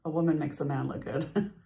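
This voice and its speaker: A woman's voice: low voice, creaky, mellow. A middle-aged woman talking to the camera in a casual personal vlog, confiding, with frequent laughs, sighs and restarted sentences. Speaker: vlogger.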